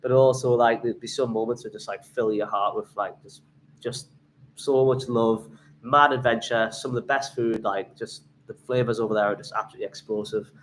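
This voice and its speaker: An excitable young man from England chats on a travel livestream, stumbling over his words with fillers and restarts as he reads out donations. His voice sits at a middle pitch, and a faint hum of room noise runs underneath. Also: brisk, poor audio. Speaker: travel vlogger hosting a livestream. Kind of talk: casual livestream chat.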